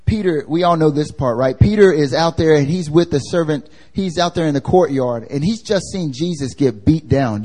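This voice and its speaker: A man's voice: on the high side, warm tone. Casual, slangy man preaching a sermon. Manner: casual and slangy, asks the congregation questions. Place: church service.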